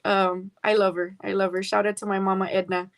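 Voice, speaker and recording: A woman's voice: mid-range voice, little pitch movement, brisk. A young adult woman, chatting as a singer-songwriter guest in a radio interview, dropping in Spanish words. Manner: chatty, warm laughter, mixes in Spanish words.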